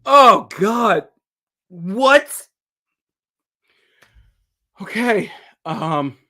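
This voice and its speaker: Excitable man reacting on a livestream. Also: on the high side, takes it slowly. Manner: excitable, breaks into laughter and shouting; talks back at the screen. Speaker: livestream host.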